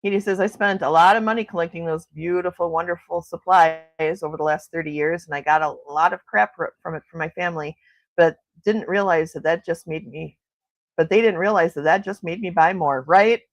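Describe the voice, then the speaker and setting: A woman's voice: fairly low pitch, brisk, no room sound. A middle-aged woman hosting a casual morning livestream chat, gushing and laughing often as she reads viewer comments. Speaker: livestream host.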